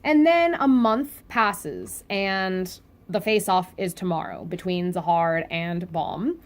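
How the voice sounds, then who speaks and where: A woman's voice: on the low side, takes it slowly. A woman casually reviewing a comic chapter, chatty and full of fillers and restarts.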